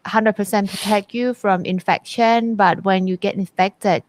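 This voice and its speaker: A woman from Thailand with a Thai accent, co-hosting in casual chat and telling stories in simple, animated English. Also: medium pitch, measured pace. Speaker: co-host.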